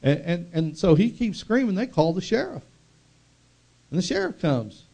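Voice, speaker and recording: A man's voice: high voice, big pitch swings, normal speed, gravelly, darkish tone. A male pastor preaching a sermon with call-and-response, telling stories and building to fervent proclamation.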